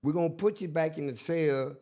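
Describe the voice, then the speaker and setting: A man's voice: fairly high pitch, a little fast. An older man telling a story in casual chat, acting out the people he quotes. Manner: animated, acts out quotes in different voices. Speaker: guest.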